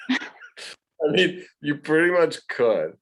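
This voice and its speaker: A man's voice: fairly high pitch, sing-song, drawn-out words, fairly bright tone. A man, an art teacher, chatting casually with his class, hesitant, with many restarts.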